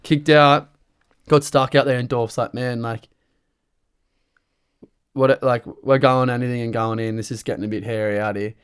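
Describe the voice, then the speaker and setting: A man's voice: medium pitch, fairly even intonation, normal speed, long pauses, clean tone. A young Australian man hosting a podcast, chatting casually with laid-back surfer slang and swearing. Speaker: podcast host. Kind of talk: casual chat.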